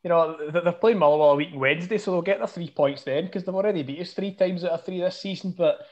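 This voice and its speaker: A man's voice: high-pitched, fast talker, a little mellow, dull audio. Easygoing Scottish man chatting football. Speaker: podcast co-host. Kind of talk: casual chat.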